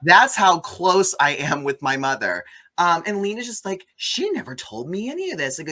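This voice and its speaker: A man hosting a casual movie review chat, sarcastic and animated, mocking the film with quick impressions. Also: high-pitched.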